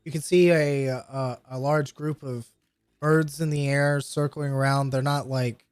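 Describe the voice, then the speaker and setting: A man's voice: mid-range voice, flat delivery, unhurried, smooth, no echo. Man, game master, patient rules explainer, lots of fillers, dry close sound. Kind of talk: running a tabletop game over voice chat.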